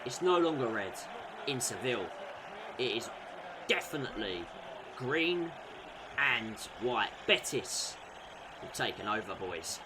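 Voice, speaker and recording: A young man commentating his own football video game play, calling each move and breaking into shouts when goals go in. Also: medium pitch, sing-song, unhurried, pauses often, background noise. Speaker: gaming YouTuber.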